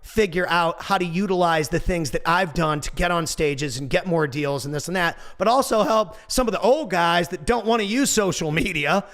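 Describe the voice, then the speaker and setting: A man in his forties delivering a casual motivational monologue, animated and goofy, swearing now and then. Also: high voice, normal speed, hardly any pauses. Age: 40s. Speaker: motivational speaker.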